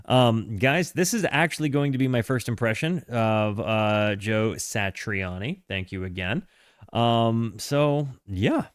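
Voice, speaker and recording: A man's voice: medium pitch, smooth, no echo. Chatty male streamer, dry close mic. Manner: chatty, halting, with frequent fillers and self-corrections; hearty shout-outs to chat. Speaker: streamer reacting to music. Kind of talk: casual live-stream chat and reading aloud.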